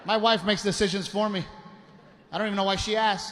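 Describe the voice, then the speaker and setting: A middle-aged man doing a stand-up comedy routine, telling stories with animated delivery and yelling his punchlines. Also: sits high, fairly quick.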